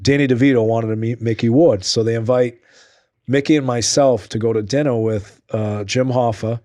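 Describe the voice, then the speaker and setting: A man's voice: mid-range voice, fairly even intonation, moderate pace, dark tone, no room sound, studio quality. A man hosting a podcast, telling stories animatedly, swearing and acting out quotes. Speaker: podcast host. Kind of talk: casual storytelling interview.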